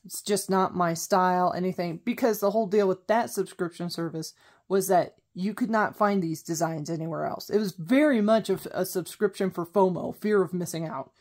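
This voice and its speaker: A woman's voice: fairly low pitch, moderate pace, a little mellow. A woman vlogger in casual chat, rambling and correcting herself as she goes. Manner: rambling, self-correcting, chatty.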